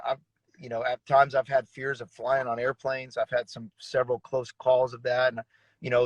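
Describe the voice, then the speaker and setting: A man's voice: medium pitch, no echo, poor audio. A man in his thirties, a pastor, telling his story in an earnest, emotional way with frequent restarts. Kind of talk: conversational testimony in an interview.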